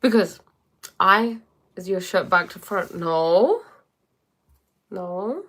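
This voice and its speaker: A woman's voice: mid-range voice, expressive, slow pace, fairly bright tone. A woman life coach chatting casually on a livestream, rambling with many fillers and answering viewer comments.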